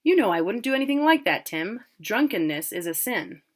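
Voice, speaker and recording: A woman's voice: mid-range voice, very animated, fairly quick, voice pushed up. A woman doing a cocky young soldier brother. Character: young man, proud older brother, cocky college student.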